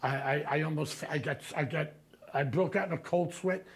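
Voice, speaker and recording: A man's voice: a little high, normal speed. A man telling brash, profane stand-up stories. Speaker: comedian storyteller. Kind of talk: stand-up storytelling.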